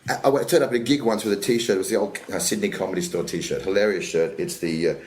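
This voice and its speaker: Male comic, deep, quick, rambling; echoey room recording. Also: a little hiss or hum. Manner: rambling, animated anecdotes with quoted voices. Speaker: comedian guest. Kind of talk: casual podcast chat, storytelling. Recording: roomy echo, faint background ambience.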